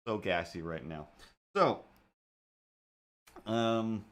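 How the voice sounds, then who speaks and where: Speaking very slowly in a lowish voice with a fairly bright tone, a male live-stream artist chats loosely while drawing. He keeps murmuring playful little remarks to himself as he goes.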